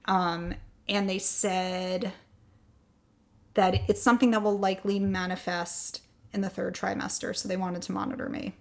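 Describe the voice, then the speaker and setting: A woman's voice: mid-range voice, moderate pace, creaky. Woman telling a personal story animatedly. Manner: animated, acts out quoted dialogue; drops to a soft, quiet voice on hard parts. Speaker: podcast guest.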